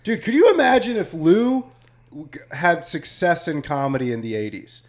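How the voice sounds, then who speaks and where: Young comedian dude rambling thru a story, cussing, lots of "like". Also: male voice, on the high side, big pitch swings, normal speed. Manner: rambling, swears a lot, heavy use of "like". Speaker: podcast co-host and comedian. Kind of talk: casual storytelling chat.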